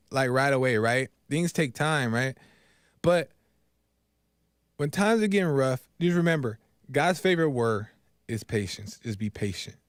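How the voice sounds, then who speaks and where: A man's voice: fairly high pitch, smooth, dry recording, clean studio sound. A man hosting a live call-in faith talk show, preachy and encouraging, repeating his key phrases. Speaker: host.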